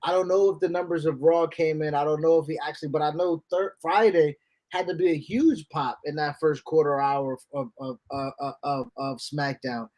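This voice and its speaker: A man co-hosting a podcast in casual chat, animated and joking, laughing between his points. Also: on the high side, normal speed. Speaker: podcast co-host.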